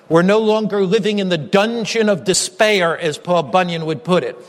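A man preaches a sermon with a fairly high voice. He is earnest and emphatic, driving his points home through repetition. His voice rings with the long reverb of a large hall. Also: normal speed, few pauses.

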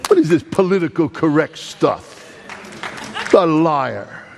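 A man's voice: a little high, expressive, slow pace, vocal fry. Man, evangelist, storytelling sermon, folksy, emphatic, repeats himself. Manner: folksy, emphatic, lots of restarts and repeated words. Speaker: evangelist preacher.

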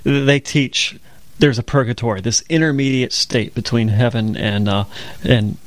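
A man's voice: mid-range voice, fairly even intonation, a little slow, no echo. A man co-hosting a religious broadcast, telling stories conversationally and explaining scripture step by step. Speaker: co-host of a Bible program.

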